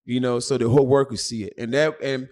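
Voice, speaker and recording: A middle-aged comedian from Ghana, hosting a casual podcast chat and telling animated stories. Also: male voice, medium pitch, fast talker. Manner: animated storyteller, loud when joking.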